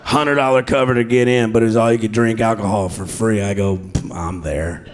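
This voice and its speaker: Rowdy comedian riffing crudely. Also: male voice, medium pitch, little pitch movement, quick pace. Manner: crude, rowdy, laughing through jokes. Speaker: stand-up comedian. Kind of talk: improvised stand-up set. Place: comedy club stage before a live audience.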